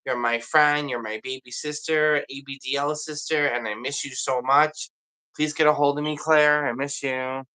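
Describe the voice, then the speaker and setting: A man's voice: medium pitch, steady tone, moderate pace, sharp tone, smooth, poor audio. A man chatting casually on a livestream, rambling and confiding in an emotional way.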